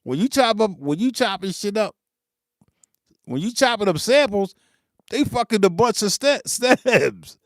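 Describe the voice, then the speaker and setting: A man's voice: sits high, animated, a little slow, dry recording, clean studio sound. A man, ranting unscripted to camera about music gear, swearing freely, laughing and mimicking his critics. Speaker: beatmaker hosting his channel.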